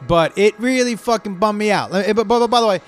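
A man's voice: high-pitched, fast. A man delivering an angry, profanity-heavy, stream-of-consciousness rant to his viewers. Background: faint music playing.

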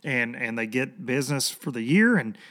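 A man hosting a fishing podcast in casual chat, hoarse from losing his voice, rambling and repeating words for emphasis. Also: mid-range voice, lively intonation, moderate pace, fairly bright tone.

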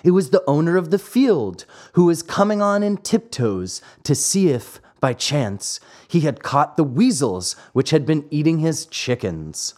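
A man reading a classic fairy tale aloud as host, measured and expressive. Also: fairly high pitch. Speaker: host and reader. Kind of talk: storybook narration.

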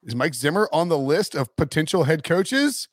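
A man's voice: fairly high pitch, sing-song, normal speed, dry recording, studio quality. A man hosting a casual sports talk show, rambling with many fillers and restarts. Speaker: podcast host.

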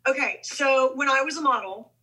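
A middle-aged actress appears as a guest on an interview podcast, her voice sitting high at a normal speed over a rough recording. She tells stories casually and animatedly, acting out quoted dialogue.

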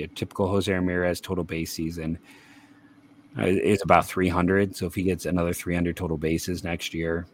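A man's voice: low-pitched, slight background noise. A man hosting a casual sports podcast, reading statistics aloud with frequent fillers and restarts. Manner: reads stats aloud, hesitant with fillers and restarts. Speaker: podcast host.

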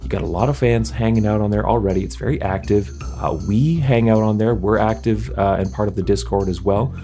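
A man's voice: on the low side, fairly quick, warm tone, faint music behind. A man from the show's cast, talking in an upbeat, chatty way with fillers. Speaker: cast member reading a promo.

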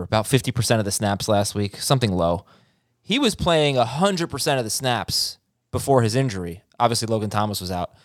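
Male host, mid-pitched, dry studio sound, direct and joking. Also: dry recording. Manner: leads the talk, joking and direct. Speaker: podcast host. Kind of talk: casual podcast talk.

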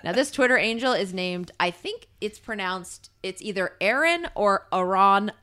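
A woman's voice: medium pitch, moderate pace, a bit bright. A woman co-hosting a comedy podcast, teasing her co-host in casual, sarcastic chat and swearing freely.

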